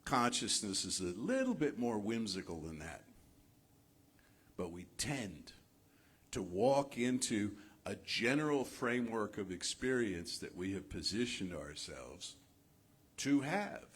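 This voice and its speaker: A male minister giving a sermon in a spiritual center, asking his listeners rhetorical questions in a measured, reflective way. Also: on the low side, sing-song, husky.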